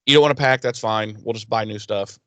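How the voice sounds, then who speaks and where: Talking a little fast in a lowish voice, this podcast co-host recaps a TV episode casually, cursing freely and acting out what the characters said with plenty of animation. There's no echo on the recording.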